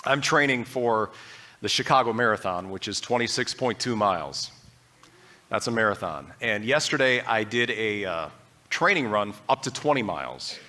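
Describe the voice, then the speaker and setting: A man's voice: on the low side, animated, normal speed, sharp tone. A man preaching a sermon as pastor, speaking earnestly and conversationally and acting out people's doubts in his own voice. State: briefly choked up.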